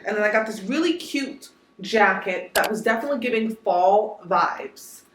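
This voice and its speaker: A woman's voice: on the high side, brisk, fairly bright tone, slight background noise. A young woman, chatting casually to viewers in a vlog and calling them y'all. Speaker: vlogger. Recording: roomy echo.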